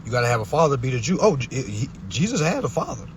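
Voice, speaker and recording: A man's voice: mid-range voice, sing-song, quick pace, noisy background. A young man hosting a live stream, ranting in a confrontational, preachy and profane way from inside a vehicle.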